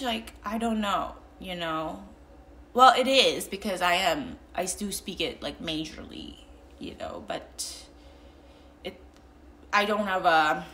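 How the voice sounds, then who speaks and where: A woman's voice: mid-range voice, bright, forceful tone. A young woman vlogging in casual chat with a mild American accent, rambling with many fillers and restarts.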